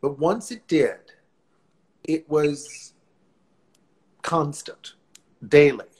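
A man, a guest actor telling stories in a relaxed live interview over a video call, rambling warmly with frequent restarts. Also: a little high, very slow. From New Orleans, USA. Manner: warm, rambling storyteller with many restarts. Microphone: phone or laptop on a video call.

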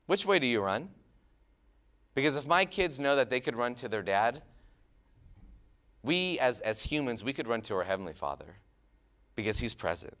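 Youth pastor, man in his thirties; smooth, clear mid-range voice, relaxed storyteller who goes quiet for emphasis. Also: normal speed, pauses often. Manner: casual storytelling with many fillers and restarts; drops soft and low on key lines. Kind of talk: youth sermon.

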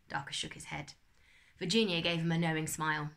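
A woman teacher, reading a class story aloud with expressive storytelling. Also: low voice, brisk, vocal fry.

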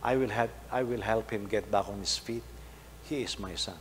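Pastor preaching in a reverberant hall. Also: male voice, on the low side, moderate pace. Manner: storytelling, rising to loud emphasis then dropping soft. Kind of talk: sermon. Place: church hall. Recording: faint hum, long hall reverb.

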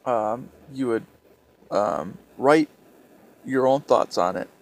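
A young man vlogging a personal story, speaking in a halting, hesitant way with many restarts, soft and subdued. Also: mid-range voice, expressive.

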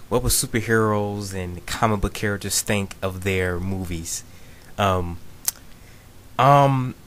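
A man's voice: on the low side, fairly bright tone, slight background noise. A man giving a rambling, casual video response, full of ums and "you know what I'm saying". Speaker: video blogger.

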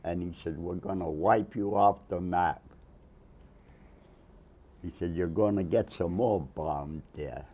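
A man's voice: low-pitched, slow, long pauses, highs cut off, a little hiss or hum. A man in his nineties, a Navy veteran, telling a long rambling story in an oral history interview, chuckling and acting out the quotes. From Massachusetts, USA. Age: 90s.

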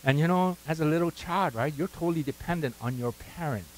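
A man's voice: fairly high pitch, brisk, slight background noise, rough recording. A pastor preaching a sermon, conversational and full of "right?" asides, prompting his congregation to call out words.

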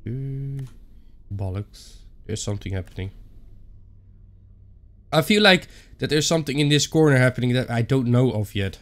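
A man's voice: medium pitch, animated, moderate pace, pauses often. A young man with a Dutch accent giving playful, muttered commentary on a horror game playthrough, talking to himself and joking. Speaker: gaming YouTuber.

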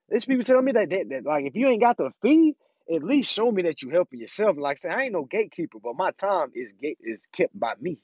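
A man with a high-sitting, darkish voice teaches consumer law in a casual, profane, emphatic monologue, repeating "you know what I'm saying" again and again. The recording is dry, slightly dull and lo-fi, with no echo.

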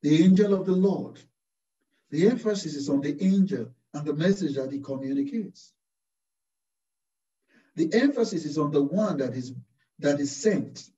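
A man, a Carmelite priest, preaching a slow, deliberate sermon full of rhetorical questions. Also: a little high, expressive, mellow. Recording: distant, roomy, dull-sounding recording.

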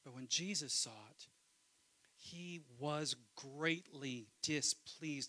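Pastor preaching in church; bright, ringing man's voice, impassioned with quiet asides. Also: a little high, takes it slowly, low-quality recording. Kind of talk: sermon.

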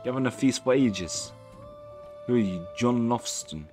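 A man's voice: medium pitch, moderate pace, darkish tone, soft background music. A man casually commenting on his own gameplay, rambling and correcting himself as he reads the game's dialogue aloud. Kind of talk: casual let's-play commentary.

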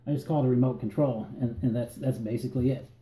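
A man with a Northern Virginia accent reading an accent tag word list in a relaxed, halting way and often repeating words. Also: mid-range voice, echoey room. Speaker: vlogger.

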